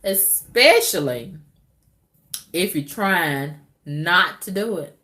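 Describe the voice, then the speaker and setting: Drawling animated woman talking to camera. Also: fairly low pitch, takes it slowly. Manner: drawling, animated, loud whoops and exclamations. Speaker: vlogger. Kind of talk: candid casual monologue to viewers.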